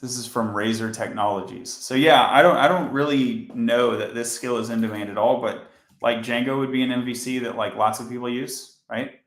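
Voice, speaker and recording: Male coding streamer, sleepy and monotone, some vocal fry, roomy echo. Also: mid-range voice, normal speed. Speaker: software developer teaching on a live stream. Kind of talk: casual live coding stream.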